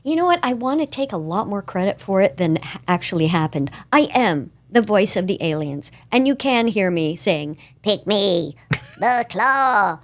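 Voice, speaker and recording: A woman voice actress being interviewed, telling animated stories from her career in a casual chat. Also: mid-range voice, moderate pace, hardly any pauses. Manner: animated storyteller, slips into character voices. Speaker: voice actress guest.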